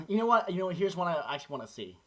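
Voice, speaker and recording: Rambling animated podcast guy. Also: fairly high pitch, fast talker. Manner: rambling, animated storytelling with many restarts. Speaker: podcast co-host. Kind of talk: casual chat.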